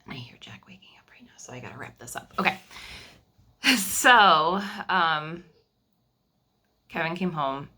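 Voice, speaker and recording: A woman in her thirties recording a personal video diary at home, speaking in an emotional, halting way and often repeating phrases. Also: low voice, lively intonation, pushed and bright. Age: 30s. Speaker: vlogger sharing family news.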